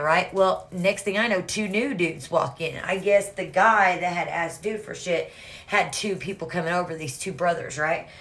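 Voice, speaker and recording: A woman's voice: on the low side, a bit bright. Profane, rambling woman telling a story. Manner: profane, rambling, addresses viewers as "you guys". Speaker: vlogger telling her own story. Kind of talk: casual storytelling to viewers.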